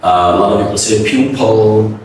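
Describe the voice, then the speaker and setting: A man teaching English pronunciation, drilling words by repeating them over and over in an animated, coaxing way. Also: medium pitch, a little slow, slight background noise. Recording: echoey room, voice from a distance.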